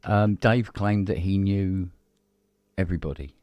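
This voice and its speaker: A man telling a long joke in casual chat, animated and jumping into high voices for the people in it. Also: a little slow, no echo. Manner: animated storyteller, swings into high voices for characters. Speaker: co-host.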